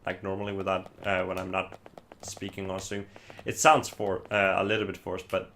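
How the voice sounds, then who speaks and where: A man's voice: low-pitched, little pitch movement, normal speed, noisy background. A man whose first language is Icelandic chats casually while streaming a game, rambling with lots of fillers and restarts. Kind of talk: casual gameplay chat.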